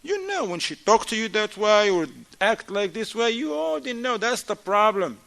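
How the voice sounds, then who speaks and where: Lively higher-voiced man preaching casually. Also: moderate pace, creaky. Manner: conversational, acts out dialogue, swings loud and soft. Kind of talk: informal sermon.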